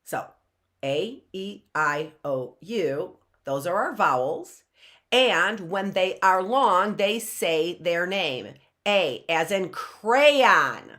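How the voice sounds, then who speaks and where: A woman teacher giving a children's phonics lesson, talking in a slow, sing-song way with drawn-out words and repeated questions. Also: lowish voice, animated, fairly bright tone.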